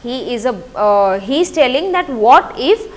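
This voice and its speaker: A woman's voice: fairly high pitch, animated, unhurried, long reverb tail. A woman teacher explaining a poem to her class, asking questions and answering them herself with lots of repetition.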